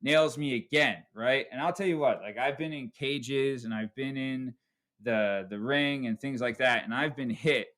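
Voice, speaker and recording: A man's voice: medium pitch, measured pace, fairly bright tone. A man hosting a podcast, telling a story casually and profanely, tagging lines with "right?". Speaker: podcast host.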